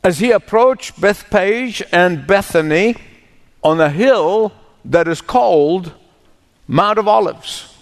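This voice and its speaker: A man's voice: high-pitched, lively intonation, slow pace, big-room sound. A male pastor preaching a sermon and reading scripture, stressing his points through repetition. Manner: emphatic, repeats phrases for weight.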